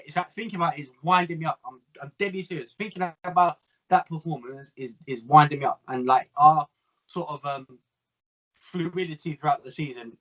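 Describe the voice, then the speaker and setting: Brief: young man, fairly high voice, calm analysis with a frustrated edge. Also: rough recording. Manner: measured, analytical, exasperated. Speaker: co-host. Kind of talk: casual football chat.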